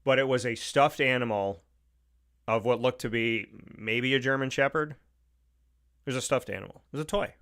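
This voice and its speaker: A man's voice: mid-range voice, moderate pace, fairly bright tone. Emphatic male talk show host. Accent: Upstate New York. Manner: emphatic, repeats points, acts out quotes. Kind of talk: opinionated monologue.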